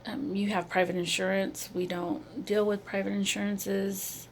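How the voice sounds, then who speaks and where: A middle-aged woman, a mother, telling her own story in a slow, halting and emotional way, with many pauses and repeated phrases. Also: medium pitch, level tone, creaky, slight background noise. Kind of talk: personal testimony to camera.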